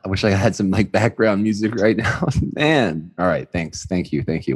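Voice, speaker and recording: A man's voice: low-pitched, lively intonation, moderate pace, hardly any pauses, slightly rough. A man hosting a podcast, chatting casually and enthusiastically, often repeating his words. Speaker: podcast host. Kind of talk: casual interview chat.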